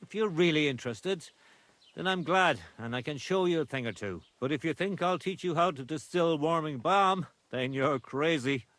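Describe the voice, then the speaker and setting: An actor playing a proud, stubborn village brewer in game dialogue, gruff and boastful as he flatly refuses to share his secret recipe. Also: on the high side, normal speed, dry recording, close to an everyday voice.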